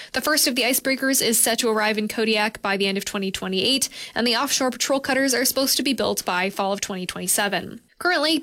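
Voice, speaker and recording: A woman reading a local radio news report in a steady, clear newsreader manner. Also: a little high.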